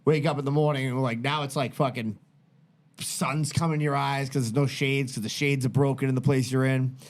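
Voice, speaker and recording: A middle-aged man tells a long, profane story in a casual podcast chat. His pitch sits in the middle of the range, and he keeps drifting into side tangents as the story builds. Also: fairly quick. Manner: profane, rambling, animated storyteller. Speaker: podcast host.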